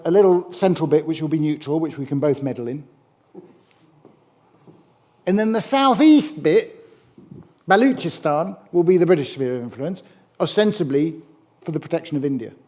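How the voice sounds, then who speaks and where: A middle-aged man giving a public history lecture, animated and emphatic, with wry asides. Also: a little high, moderate pace. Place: lecture hall.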